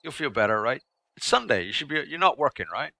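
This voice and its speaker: A man's voice: medium pitch, very animated, quick pace, gravelly, bright, forceful tone, no echo. A man streaming a game live, chatting casually with his viewers in a rambling way that repeats itself.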